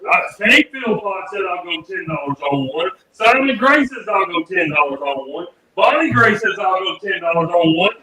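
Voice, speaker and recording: A man hosting a live radio auction, calling out bids loudly and joking with callers. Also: sits high, normal speed, hardly any pauses, roomy sound, crowd noise, low-quality recording. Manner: energetic, loud, joking.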